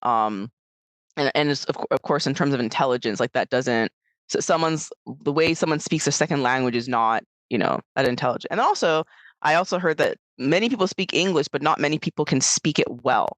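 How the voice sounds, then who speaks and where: An American woman chatting casually on a podcast, rambling and animated as she tells stories, with lots of fillers. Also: deep voice, brisk, no echo. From United States. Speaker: podcast co-host. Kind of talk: casual chat.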